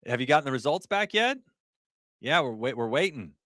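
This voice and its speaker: A man's voice: medium pitch, big pitch swings, fairly quick, pushed and bright, no room sound, clean studio sound. A middle-aged man, an ER nurse, hosting a casual livestream, reading chat aloud and laughing often.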